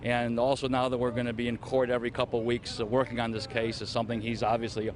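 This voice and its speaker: A man's voice: medium pitch, completely flat delivery, fast talker, a crowd in the background. A man speaking as a defense attorney, talking hesitantly with many fillers, recorded outdoors. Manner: hesitant, filler-heavy speech.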